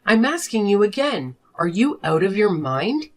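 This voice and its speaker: A woman voicing a furious wife and mother who confronts her selfish husband in an animated drama. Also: mid-range voice, measured pace. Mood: confrontational. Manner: sharp, accusing, confrontational. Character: fed-up wife and mother demanding divorce. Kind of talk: animated story voice acting.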